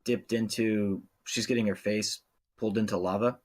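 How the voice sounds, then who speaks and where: A man's voice: on the low side, fairly even intonation, moderate pace. A man playing a tabletop game, chatting casually and joking with the game master. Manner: joking, playful. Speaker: player.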